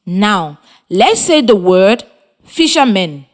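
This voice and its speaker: A woman, giving a scripted radio lesson for children in slow, deliberate, encouraging instructions. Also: medium pitch, sing-song. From Liberia. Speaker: radio teacher.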